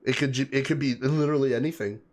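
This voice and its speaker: Speaking quickly in a medium-pitched, slightly mellow voice, a Canadian man hosts a relaxed livestream. He greets viewers, reads their comments out loud, and chats and laughs along the way.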